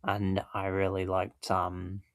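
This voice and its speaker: Man, very deep voice, gravelly, dry close sound, rambling casual commentary. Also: monotone, takes it slowly, no room sound. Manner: rambling, self-correcting, chuckling. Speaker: YouTube reaction host.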